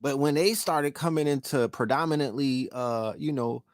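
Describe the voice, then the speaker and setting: A man's voice: medium pitch, moderate pace, no room sound, clean studio sound. A middle-aged man with a New York accent hosting a casual show, talking profanely and throwing questions at his listeners. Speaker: podcast host. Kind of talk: casual livestream talk.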